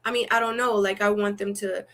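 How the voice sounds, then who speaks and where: A woman's voice: medium pitch, fairly quick, slight background noise. A young adult woman chatting as a guest in an interview, telling stories animatedly and acting out what people say, with lots of "like" fillers. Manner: animated storytelling, acts out quotes, many "like" fillers. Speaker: dating show guest. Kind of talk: casual interview chat.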